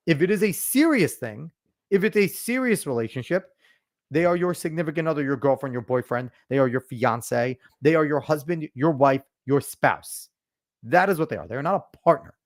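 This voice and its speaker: Male podcast host, a bit high-voiced, blunt and foul-mouthed, pitch leaping all over while he rants. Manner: blunt, profane ranting; emphatic, lectures the listener. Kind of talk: casual podcast commentary.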